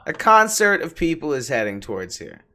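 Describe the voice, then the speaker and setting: A man's voice: on the high side, big pitch swings, normal speed, bright, forceful tone. A man co-hosting a casual podcast, joking around, laughing often and trailing off mid-thought. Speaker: podcast co-host. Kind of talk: casual chat.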